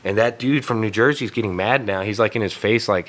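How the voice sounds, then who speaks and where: Low-voiced man telling a rambling story. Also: fast, hardly any pauses, low-quality recording. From Texas. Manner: profane, rambling, lots of fillers. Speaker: guest tattoo artist. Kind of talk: casual storytelling.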